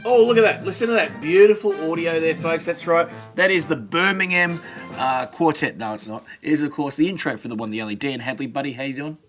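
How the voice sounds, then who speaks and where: Upbeat podcast host. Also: male voice, a little high, a little fast, fairly bright tone, faint music behind. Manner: jokey and upbeat. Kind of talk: casual fan chat.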